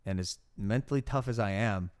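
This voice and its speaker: A young man in his twenties hosting a casual podcast chat, telling stories in an animated way and swearing freely. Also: fairly low pitch, a little fast. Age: 20s. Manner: animated storytelling, heavy swearing. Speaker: podcast host.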